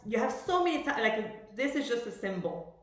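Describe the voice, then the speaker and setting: A woman's voice: a little high, big pitch swings, normal speed, slight background noise. A woman teaching a master class, coaching a student and explaining at length, often searching for words. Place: music school room. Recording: very echoey room.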